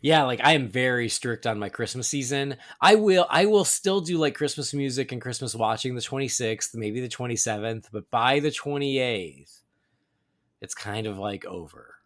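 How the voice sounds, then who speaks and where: A man hosts a casual podcast with a lively, swinging delivery, his pitch rising and falling freely. He moves from reading plugs to easygoing chatter with his co-host. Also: normal speed. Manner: chatty, animated, reads plugs then banters.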